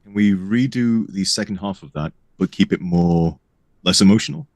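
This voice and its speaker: A man leading a game mod project who directs a voice recording session in a relaxed, teasing way. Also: deep voice, moderate pace, no echo. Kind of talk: casual chat and direction.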